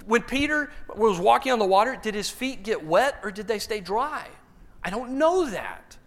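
A man preaching a sermon, telling a Bible story in an animated way and acting out the characters with humor. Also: high-pitched, normal speed. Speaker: pastor.

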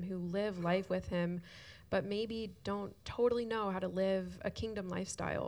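A woman's voice: lowish voice, vocal fry, darkish tone. A woman speaking earnestly in a shared church talk, tearful at times. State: crying at times.

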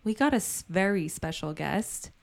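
A woman co-hosting a podcast who tells animated, joking stories in casual chat. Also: fairly low pitch, normal speed, vocal fry. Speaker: podcast co-host.

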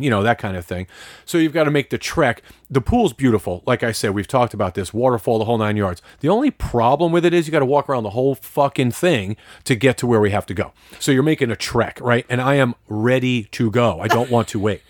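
A man co-hosting a podcast, telling a story in casual chat with lots of swearing and excitement. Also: medium pitch, dry recording, clean studio sound.

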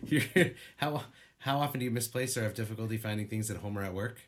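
Co-hosting a podcast, a man chats casually and rambles through stories, laughing and swearing as he goes. He has a fairly low-pitched voice and keeps a moderate pace.

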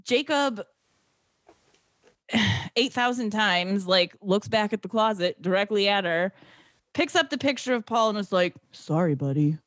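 A woman's voice: mid-range voice, lively intonation, measured pace, pauses often, a bit bright, no room sound, studio quality. A woman in casual chat, recapping a movie plot with lots of laughter and acted-out quotes.

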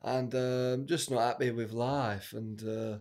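A man voicing a gloomy middle-aged northern baker who has lost his business, in a low, quiet, weary mumble with sighs. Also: steady tone, quick pace, close to an everyday voice.

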